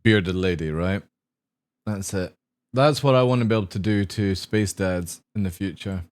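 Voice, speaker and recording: The voice sits low and moves at a moderate pace as a man streams a game live. His casual talk with viewers is crude, jokey and rambling.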